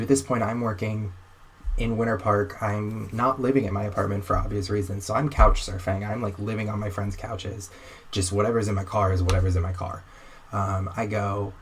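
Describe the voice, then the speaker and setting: Young male guest, low register, lively storyteller who voices the people in his tale, light hiss on the line. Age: young adult. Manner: animated, acts out dialogue in quotes. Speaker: podcast guest. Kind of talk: casual storytelling.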